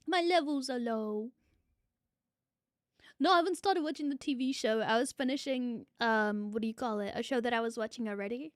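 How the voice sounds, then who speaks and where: A woman's voice: a little high, normal speed, dry recording, clean studio sound. A young woman, chatting casually on a livestream and answering viewer comments in a rambling way. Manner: chatty, rambling, repeats phrases, swears casually. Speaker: VTuber streamer.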